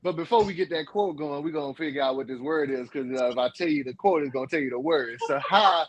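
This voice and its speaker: A man hosting a live-stream talk show, chatting casually and joking with his co-host and the chat in a husky, laid-back voice. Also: on the high side, quick pace, dry recording, poor audio.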